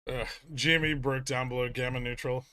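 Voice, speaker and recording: A man's voice: mid-range voice, steady tone, fairly quick, bright, forceful tone, clean tone, no room sound. A man hosting a casual trading livestream, reading chat questions and answering with dry, sarcastic humor. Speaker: livestream host.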